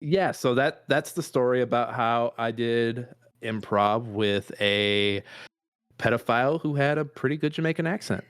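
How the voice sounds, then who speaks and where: Podcast co-host, man in his thirties, mid-pitched voice, rambling and self-deprecating, curses casually. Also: measured pace, a bit bright, smooth. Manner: rambling, self-deprecating, frequent restarts and swearing. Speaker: improv performer and dad. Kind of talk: casual storytelling chat.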